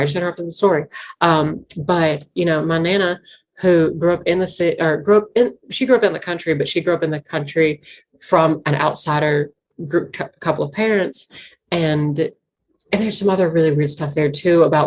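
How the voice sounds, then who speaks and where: A young woman with a Southwest Virginia Appalachian accent, talking earnestly and at length as an interview guest, full of "like" fillers. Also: low-pitched. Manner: rambling, earnest, heavy use of "like" fillers. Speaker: interview guest, banjo musician. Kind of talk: casual conversational interview.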